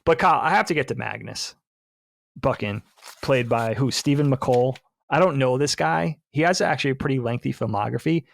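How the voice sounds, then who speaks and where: A man's voice: medium pitch, moderate pace, gravelly. A man co-hosting a podcast, talking about films in a casual, enthusiastic way and laughing often. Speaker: podcast co-host. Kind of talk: casual podcast film discussion.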